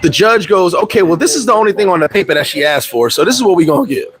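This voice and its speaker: Crowd noise fills the background of a rough recording as a man with a high voice talks fast. Living abroad in the Dominican Republic, this vlogger tells a livestream story, cursing often and acting out the other people in lively, profane style.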